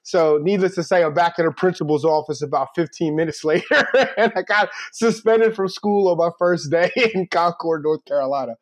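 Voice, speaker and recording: A man from the northern US with a fairly high voice tells a story on a podcast, jumping into the voices of the people he quotes. The sound is dry and close, with no room around it. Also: brisk, hardly any pauses, no echo. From northern United States. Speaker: podcast co-host. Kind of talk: casual storytelling chat.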